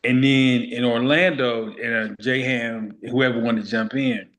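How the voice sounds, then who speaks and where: A man's voice: medium pitch, fairly even intonation, unhurried, a bit bright. A man on a basketball talk show speaks in a loose, conversational way. He circles back and repeats his points to drive them home, keeping a casual, easygoing flow. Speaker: podcast co-host.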